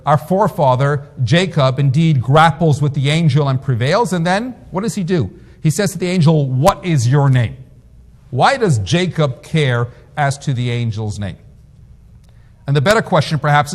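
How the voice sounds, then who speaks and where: Rabbi preaching in a reverberant hall. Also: male voice, a little high. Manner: storytelling, emphatic. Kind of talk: sermon. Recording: long reverb.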